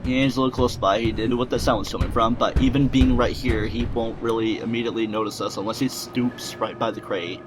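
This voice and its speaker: A man's voice: mid-range voice, steady tone, quick pace, hardly any pauses, noisy background. A man giving let's-play commentary on a game he is playing, rambling and joking to himself as he goes. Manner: joking, rambling self-talk while playing.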